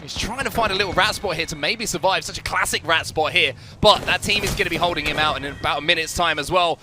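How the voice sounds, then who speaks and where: A man with a British-sounding accent giving play-by-play esports commentary, energetic and rising on big plays. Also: on the high side, quick pace, over music. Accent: British or Australian English. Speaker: esports caster.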